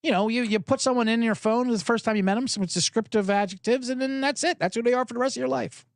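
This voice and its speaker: A man hosting a sports podcast, telling a comedic rant, profane and animated, acting out both sides of an argument. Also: extremely high pitch, quick pace, creaky, no room sound, clean studio sound.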